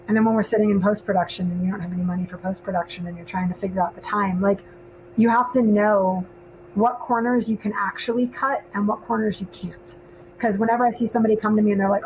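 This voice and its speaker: A woman's voice: medium pitch, brisk, slight background noise, poor audio. A woman in her thirties, a filmmaker co-hosting a podcast, chatting casually with lots of ums. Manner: chatty, laughs often, many ums. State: hiccups. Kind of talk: casual panel chat.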